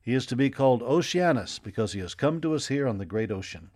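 A man reading a storybook, voicing a tall, grave, gray-haired Pilgrim father who speaks in a quiet, measured way. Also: medium pitch, expressive, lightly acted. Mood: gentle.

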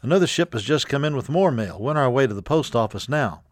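A man's voice: medium pitch, lively intonation, quick pace, no echo, lightly acted. A man reading a storybook voices an eager, cheerful gold miner who talks with a grin, recorded dry and close. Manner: eager, grinning tone.

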